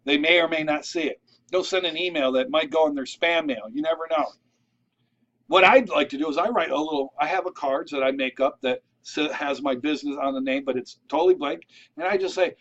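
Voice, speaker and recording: A man's voice: a little high, brisk, fairly bright tone, highs cut off. A man giving casual, rambling advice to camera. He keeps checking in with "all right?" and drifts into asides and restarts. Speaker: vlogger giving networking tips.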